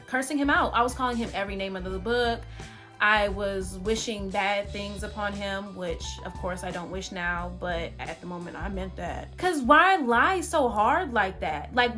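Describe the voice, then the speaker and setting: A young woman vlogger, telling a story casually to her viewers, animated and exclamatory with a lot of "like". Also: on the high side.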